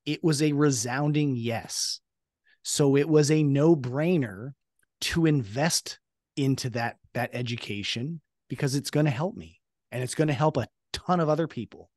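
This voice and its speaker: A man's voice: mid-range voice, normal speed, a little mellow, dry recording, clean studio sound. A man speaking as a podcast guest, earnest and motivational, repeating his key points. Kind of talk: casual interview chat.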